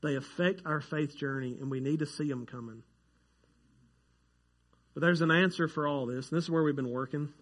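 Animated preacher with a higher voice. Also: male voice, moderate pace, pauses often. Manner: conversational, jokes with the congregation, gets animated over surprising facts. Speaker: pastor. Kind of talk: sermon. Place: church sanctuary.

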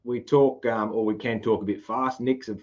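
A man's voice: mid-range voice, fairly even intonation, normal speed, darkish tone, lo-fi sound. A man with a broad Australian country accent, hosting a casual podcast chat, rambling and laughing often. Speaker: podcast host.

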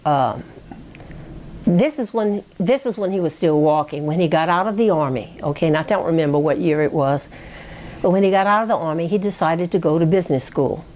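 A woman's voice: low voice, fairly quick, darkish tone. A woman recounting a relative's history in an oral history interview, talking in a reflective, digressive way and checking in with "you know" and "okay?".

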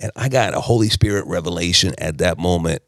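A man from South Texas, telling his personal story as a podcast guest in an emphatic, animated way. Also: sits low, a little fast, no room sound, studio quality.

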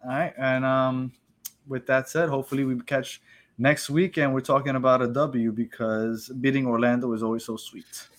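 A man's voice: mid-range voice, flat delivery, normal speed. A man from the United States hosting a casual sports podcast in an easygoing, laid-back way. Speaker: podcast host.

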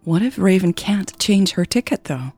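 A woman voicing an eager, shy young woman in love, who gets squeaky when flustered. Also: lively intonation, normal speed, a little mellow, husky, no echo, faint music behind.

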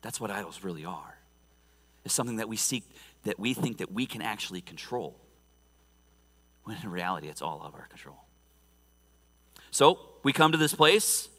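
A man preaching a sermon as a pastor, telling the story in an animated, conversational way with laughter. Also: fairly low pitch, moderate pace, long pauses, long reverb tail. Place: church sanctuary.

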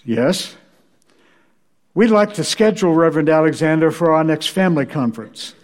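Earnest Texan church lady, played by a male lecturer, polite and slightly raised in pitch. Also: animated, normal speed, close to an everyday voice. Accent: Texas.

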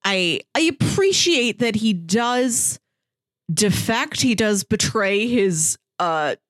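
A woman's voice: medium pitch, no room sound, studio quality. A woman podcast co-host chatting casually about a TV episode, laughing often and acting out quotes. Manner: slow, lively, laughs often, acts out quotes.

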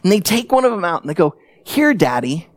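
A middle-aged man preaching a sermon, telling stories in an animated way and acting out the quotes he gives. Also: high voice, racing, no echo, clean studio sound. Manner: animated storytelling with acted-out quotes. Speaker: pastor.

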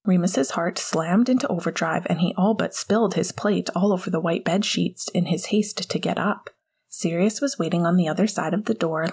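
A woman reading fan fiction aloud as a narrator, soft and measured. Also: fairly low pitch, breathy edge. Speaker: audiobook narrator.

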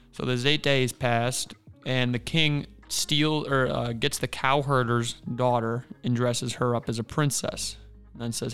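A man's voice: mid-range voice, little pitch movement, moderate pace, a bit bright, clean tone, faint music behind. A man co-hosting a podcast, retelling a folk tale in a laid-back, rambling casual way. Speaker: podcast co-host. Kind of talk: casual storytelling.

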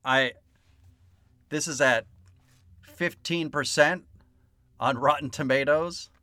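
A man's voice: on the high side, slow pace, pushed and bright, no room sound. A man hosting a podcast, introducing his guest in a playful, laughing, emphatic way. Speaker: podcast host.

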